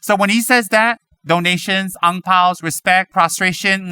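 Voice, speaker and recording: A man giving a Buddhist teaching, animated and dramatic, acting out his students' complaints. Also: high voice, moderate pace, pauses often, clean tone. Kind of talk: dharma teaching talk.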